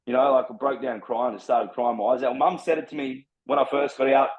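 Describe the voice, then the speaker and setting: Fast-talking, blunt Australian man. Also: medium pitch, fairly even intonation. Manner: blunt, heavy swearing, fast and driven. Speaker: personal trainer guest. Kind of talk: casual podcast storytelling. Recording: slightly dull lo-fi sound.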